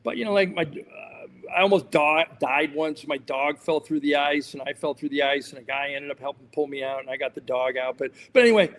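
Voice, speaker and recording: A man's voice: fairly high pitch, a little fast, fairly bright tone, in a large hall, slight background noise. A man, a sports journalist and podcast guest, telling rambling anecdotes in casual chat, full of fillers and restarts.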